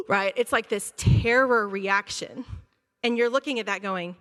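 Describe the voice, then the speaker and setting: A woman school counselor giving an animated, conversational talk to a church audience, acting out her students' reactions. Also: on the high side, normal speed. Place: church auditorium. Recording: long hall reverb.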